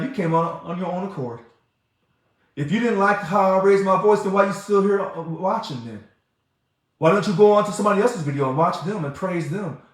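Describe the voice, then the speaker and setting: A man hosting a livestream and answering viewer comments in an emphatic, heated way. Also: sits high. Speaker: livestream host. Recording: very echoey room.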